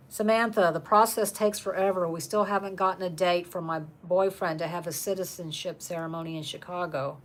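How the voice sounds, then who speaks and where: A woman's voice: on the low side, normal speed, hardly any pauses. Chatty woman on a home livestream. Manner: chatty, laughs often, talks to her dogs. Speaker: channel host reading live chat. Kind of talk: casual live-stream chat.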